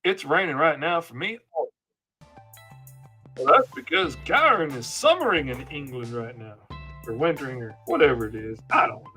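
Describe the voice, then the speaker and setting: A man's voice: fairly high pitch, big pitch swings, moderate pace, pushed and bright, faint music behind. A man hosting a live comic-inking lesson, chatting casually and rambling in a self-deprecating way while he works and answers viewers. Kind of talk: casual live-stream chat while working.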